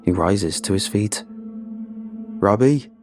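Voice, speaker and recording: A man giving a measured, grim first-person narration of a horror story. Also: sits low. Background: background music.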